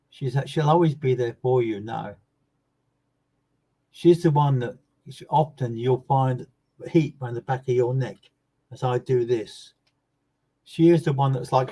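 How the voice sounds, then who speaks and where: The medium reads for his live audience by name, emphatic and sincere, restating words to stress them. His volume lurches between loud bursts and hushed low asides, and the recording quality is poor.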